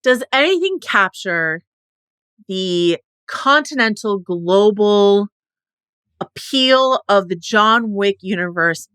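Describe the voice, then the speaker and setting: A woman's voice: mid-range voice, lively intonation, slow pace, fairly bright tone, clear, resonant tone, no echo, studio quality. A woman co-hosting a podcast, chatting casually about films with a wry, sardonic humor. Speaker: podcast co-host. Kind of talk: casual film discussion.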